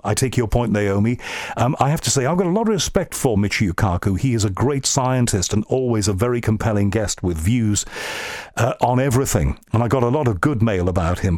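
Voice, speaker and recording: An English man from Liverpool hosts a radio show, working through listener mail in a relaxed, thoughtful way, with plenty of ums and uhs. His voice sits at a middle pitch. It is captured dry and close on a studio mic, with no room echo. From Liverpool, England. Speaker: radio and podcast host. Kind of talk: reading listener emails on air, then interviewing a guest.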